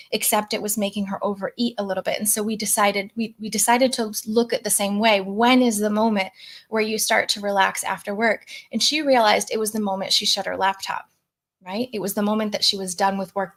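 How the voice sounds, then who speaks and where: A woman's voice: medium pitch, fairly bright tone. A middle-aged woman coaching on a live stream, chatting casually and reading out viewer comments.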